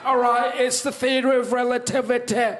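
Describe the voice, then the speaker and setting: A stand-up comedian mimicking a flat robotic voice-box speaker. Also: male voice, extremely high pitch, moderate pace, voice pushed up. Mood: deadpan.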